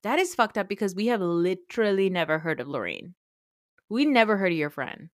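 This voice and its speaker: A woman's voice: mid-range voice, big pitch swings, fairly quick, dry recording, studio quality. A young adult woman hosting a podcast, recapping TV in casual, sarcastic, profane chat with laughing asides. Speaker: podcast host.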